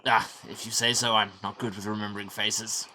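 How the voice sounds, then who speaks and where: A man's voice: on the low side, level tone, a little fast, pushed and bright, slight background noise. A man voicing a haughty, eager male noble baron in a game, in a pompous, breezy manner.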